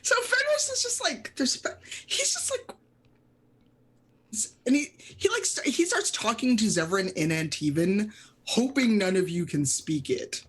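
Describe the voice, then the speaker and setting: Husky-voiced woman game master. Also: medium pitch, very animated, unhurried, fairly bright tone. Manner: chatty, full of fillers and laughs. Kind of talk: narrating a tabletop game.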